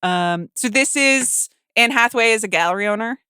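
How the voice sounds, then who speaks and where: A woman's voice: fairly high pitch, normal speed, bright, forceful tone, clean tone, dry recording, studio quality. A woman hosting a podcast, chatting casually about movies with many fillers and restarts. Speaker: podcast host. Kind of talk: casual chat.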